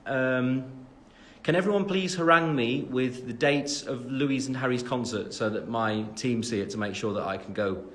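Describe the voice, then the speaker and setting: Medium in pitch and a bit bright, this man speaks at a normal pace. In his twenties and from the English Midlands, he's casually chatting on a phone livestream at home after the gym, responding to fans with lots of fillers and self-deprecating comments, recorded on the phone camera.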